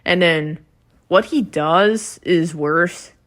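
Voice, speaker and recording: A woman's voice: lowish voice, very slow. Casual woman recapping an episode. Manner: chatty recap, blunt and profane reactions. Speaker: video reviewer.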